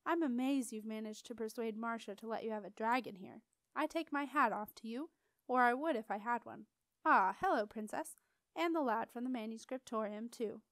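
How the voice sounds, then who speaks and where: A woman's voice: a little high, moderate pace, a bit bright, no echo. Althor, a woman reading as a wry old ghost wizard. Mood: amused.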